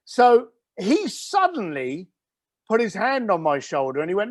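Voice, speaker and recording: This is a middle-aged man who founded a business, appearing as an interview guest and telling blunt, emphatic stories in conversation with casual swearing. His voice sits high with huge pitch swings and a measured pace, captured in clean studio sound with no echo.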